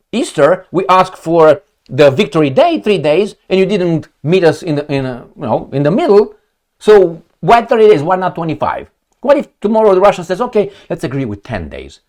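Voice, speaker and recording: Male political commentator, hot-tempered and mocking, voice swinging up and down with a slightly raised pitch. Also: a little mellow. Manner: heated, sarcastic and profane; mocking retorts and rhetorical questions. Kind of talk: reading headlines and commenting.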